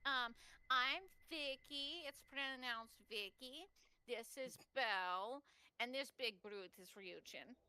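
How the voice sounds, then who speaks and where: A woman's voice: high voice, sharp tone, smooth, voice pushed up, exaggerated voice. A woman playing a theatrical squad captain. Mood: grandiose. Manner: theatrical, slow, grandiose.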